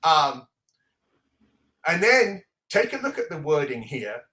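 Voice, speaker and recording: A man hosting a casual comic book podcast, excitedly walking through the pages and laughing often. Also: a little high, slow. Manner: excitable, laughing often, reads dialogue aloud. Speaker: comic book show host. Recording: echoey room.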